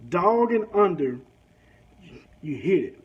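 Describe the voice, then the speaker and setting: A man's voice: sits high, takes it slowly. A man from a rural country town telling a crude, swearing rant while driving. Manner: crude, animated, swears freely. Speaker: vlogger. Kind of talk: profane storytelling rant. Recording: dull lo-fi sound, faint noise.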